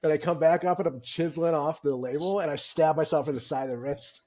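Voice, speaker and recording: A man's voice: on the high side, fast talker, darkish tone. A man in casual podcast chat, rambling through a story with many fillers.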